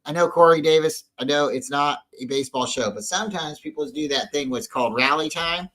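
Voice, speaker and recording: Man, bright voice, slightly high, rambling casual fan chat, many restarts. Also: a little fast, rough recording. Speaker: podcast co-host. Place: at home.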